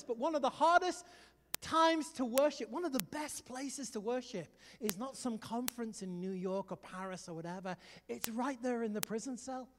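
Brief: middle-aged male preacher, high voice, lively storytelling, big reverberant hall. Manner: animated storytelling, rallying the crowd. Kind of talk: sermon.

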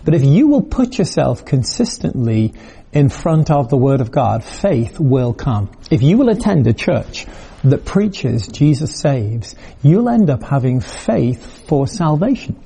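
Guy preaching a sermon on video, husky and low-toned, tells stories and does the voices. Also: sing-song, measured pace, dark tone. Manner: conversational storytelling preaching with quoted voices.

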